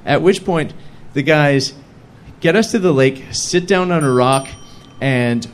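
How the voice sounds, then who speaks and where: A man's voice: a little high, unhurried. A young man from the United States telling a story on stage before a live audience, joking and mocking himself. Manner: animated, joking, self-mocking.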